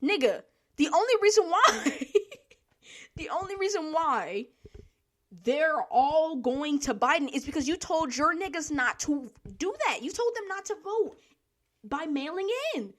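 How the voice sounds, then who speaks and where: A podcast host with a high, expressive, fairly bright voice rants solo at an unhurried pace. She's blunt, profane, and heated, sighing and laughing between her points.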